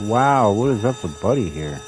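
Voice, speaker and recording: A man's voice: fairly low pitch, very animated, moderate pace, noisy background. A man giving casual, joking gameplay commentary as a gaming YouTuber. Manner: laid-back, joking, hums along.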